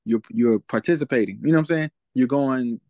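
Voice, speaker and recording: A man's voice: mid-range voice, fairly quick, a little mellow, dry recording. Laid-back man in a casual interview. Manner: laid-back, frequent "you know what I'm saying". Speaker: rapper and interview guest.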